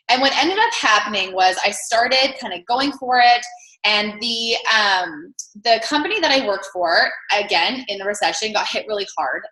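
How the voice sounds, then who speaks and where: Bright-voiced woman telling her story. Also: a little high, echoey room, rough recording. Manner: lively storytelling, acts out quoted dialogue. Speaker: business testimonial speaker. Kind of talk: personal success story.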